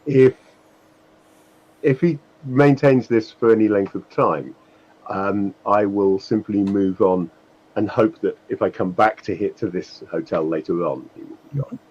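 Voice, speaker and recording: A man's voice: lowish voice, a little slow, darkish tone, breathy edge, lo-fi sound. A man playing a tabletop role-playing game, politely describing what his character does. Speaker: player.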